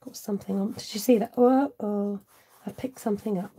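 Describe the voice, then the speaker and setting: A woman with a dark, breathy, medium-pitched voice talks a little fast but steadily while making cards on a live stream. She keeps up a chatty commentary as she works, answering comments from viewers and joking at her own expense.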